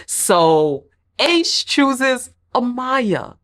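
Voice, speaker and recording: A woman's voice: a little high, very animated, very slow, fairly bright tone. A woman giving a casual, opinionated reality-show recap in a chatty, playfully dramatic way. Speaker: TV recap vlogger.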